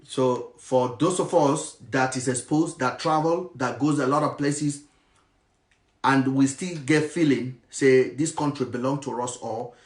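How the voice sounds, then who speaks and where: A man's voice: mid-range voice, unhurried, reverberant. A Nigerian man speaking in a passionate monologue, mixing in Pidgin phrases. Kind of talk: impassioned monologue.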